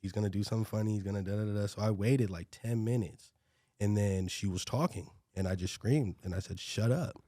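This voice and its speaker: A man's voice: lowish voice, steady tone, fast talker, mellow, dry recording, studio quality. A young man, a podcast guest, telling stories in laid-back slang with a lot of "like". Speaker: guest, dancer and new comic. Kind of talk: casual chat, storytelling.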